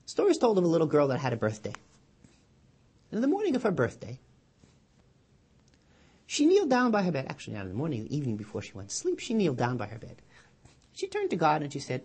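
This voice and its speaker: A man, a rabbi, giving a weekly Torah sermon, telling a story with lively quoted voices and then dropping low and quiet to draw the lesson. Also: fairly quick, slightly rough. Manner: animated storyteller, loud and high when quoting.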